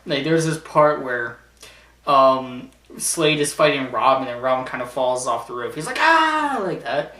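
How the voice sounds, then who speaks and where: A man's voice: mid-range voice, level tone, unhurried, a bit bright. Rambling man in an echoey room. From Canada. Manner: rambling and enthusiastic, frequent stammered restarts. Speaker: vlogger. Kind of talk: casual chat, ranking TV shows. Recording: echoey room, mic at a distance.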